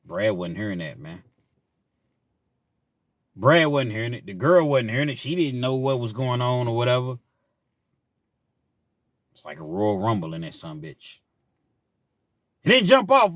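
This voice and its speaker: Animated middle-aged man telling a story. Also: mid-range voice, measured pace, long pauses, no echo, studio quality. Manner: animated, laughs often, swings between shouting and murmuring. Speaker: storyteller vlogger. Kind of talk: casual storytelling.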